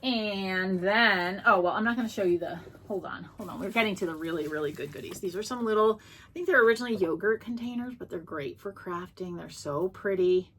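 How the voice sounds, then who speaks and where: A woman's voice: mid-range voice, brisk, fairly bright tone, a little hiss or hum. A woman casually showing off her thrift finds, chatty and gushing, with many ums and restarts. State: out of breath. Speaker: thrift vlogger. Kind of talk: casual show-and-tell chat. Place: home.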